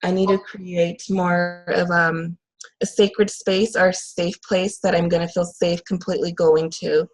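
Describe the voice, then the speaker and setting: A woman working as a medium, talking in a casual, earnest and halting way with frequent fillers. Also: fairly low pitch, flat delivery, poor audio. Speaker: channeling medium. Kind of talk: casual conversation.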